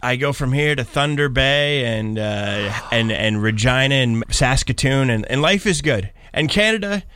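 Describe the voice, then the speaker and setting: Lively, upbeat man from Pittsburgh. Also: mid-range voice, moderate pace, a little hiss or hum. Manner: enthusiastic, laughing, acts out quotes. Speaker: guest, traveling content creator. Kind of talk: casual interview chat.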